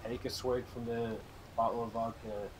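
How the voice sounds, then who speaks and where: A man playing in a tabletop game, describing his character's actions in a flat, deadpan way. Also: mid-range voice, normal speed, background noise. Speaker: player.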